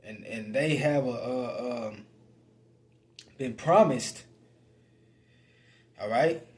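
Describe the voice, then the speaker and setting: A man preaches by reading scripture aloud and commenting on it in casual talk, speaking slowly and haltingly with many fillers and repeated words. His voice is medium-pitched and a little mellow.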